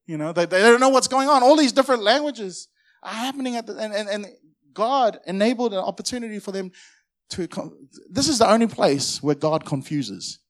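A male pastor preaching a lively sermon, calling on the congregation to shout back responses. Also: high-pitched, a little fast. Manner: energetic, audience call-and-response.

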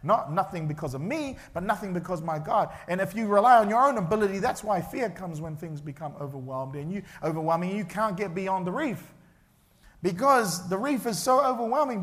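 Animated, high-voiced male preacher. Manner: animated, acts out the characters' voices. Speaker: pastor. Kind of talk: sermon. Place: church.

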